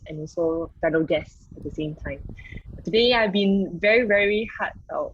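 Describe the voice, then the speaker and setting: A woman's voice: mid-range voice, slight background noise. A woman giving a polite report on a meeting role over a video call. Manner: polite, thankful greetings. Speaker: ah counter. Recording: muffled video call audio.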